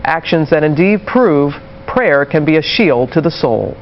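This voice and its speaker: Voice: medium pitch, lively intonation, unhurried. Sympathetic morning TV host. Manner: prompting, sympathetic questions. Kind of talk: broadcast interview. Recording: dull broadcast audio with faint noise.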